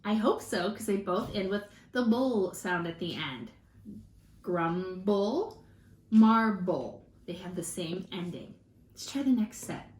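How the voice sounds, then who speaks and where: A woman teaching a children's phonics lesson, slowly and encouragingly drawing out each word for her students to repeat. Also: medium pitch, animated. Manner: slow, encouraging, drawn-out word modeling. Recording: echoey room with faint hiss.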